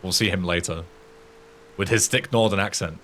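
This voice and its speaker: A man's voice: sits low, normal speed, sharp tone, a little hiss or hum. A young English man streaming a game, chatting casually, joking and swearing. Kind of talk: casual gameplay commentary.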